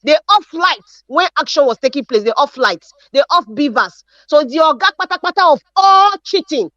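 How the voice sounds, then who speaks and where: A high-voiced Nigerian woman speaking with fervent emphasis, circling back over her points and restarting phrases as she goes. The sound is dull and lo-fi, close and dry, like a stream over a video call. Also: expressive, normal speed, sharp tone, no room sound. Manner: emphatic, repeats herself, frequent restarts and fillers. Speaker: live stream panelist. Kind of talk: impassioned political commentary.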